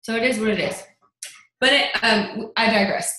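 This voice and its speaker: A young adult woman giving a chatty motivational talk on a sales team call, telling stories with lively quoted asides. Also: on the high side, normal speed, reverberant, slight background noise, low-quality recording.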